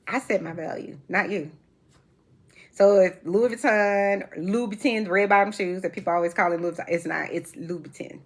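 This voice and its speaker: A woman in her forties hosting a reality TV commentary chat, sassy and animated, laughing often as she talks. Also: lowish voice, normal speed. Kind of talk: casual chat.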